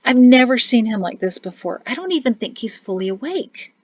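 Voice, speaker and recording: A woman's voice: fairly high pitch, expressive, brisk. A woman reading an audiobook, voicing a brave mother who speaks firmly and takes charge. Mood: worried. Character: firm, brave mother and wife. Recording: dull, dry recording.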